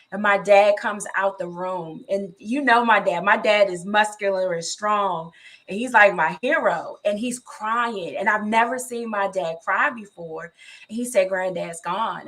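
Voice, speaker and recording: A woman's voice: medium pitch, fairly bright tone. A woman co-hosting a faith talk show, telling a family story earnestly and with feeling. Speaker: co-host. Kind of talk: faith-based casual talk.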